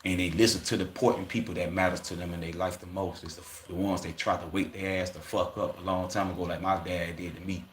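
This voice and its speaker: Casual livestream host, male, low register, profane street slang, echoey room. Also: steady tone, fast talker, few pauses, a little hiss or hum. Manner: loose, profane street talk with quoted asides.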